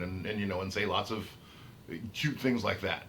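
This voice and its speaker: A man's voice: on the low side, steady tone, normal speed, fairly bright tone, a little hiss or hum. A man ranting about his autism in an unscripted vlog, heated and emphatic, repeating and restarting his phrases. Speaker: autistic vlogger. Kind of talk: unscripted rant to camera.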